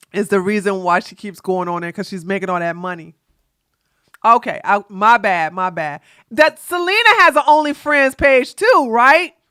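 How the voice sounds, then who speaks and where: A woman streamer talks back to the clips she is watching, sassy and animated, full of exclaimed asides. Her voice is bright and sits a little high, and it is recorded dry and close with no room around it. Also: no room sound. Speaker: livestream host. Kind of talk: casual reaction commentary.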